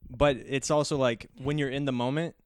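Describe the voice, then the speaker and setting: A man's voice: medium pitch, steady tone, moderate pace, smooth, no room sound, clean studio sound. A man hosting a casual chat, playfully spinning boastful what-if scenarios. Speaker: podcast host.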